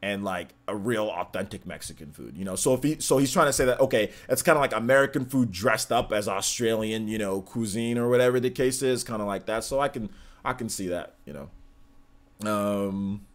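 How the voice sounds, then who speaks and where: A man's voice: fairly low pitch, moderate pace. A young man from California hosting a live stream, reading viewer comments aloud and chatting loosely with lots of fillers. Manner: rambling, filler-heavy, reads chat aloud. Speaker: streamer host.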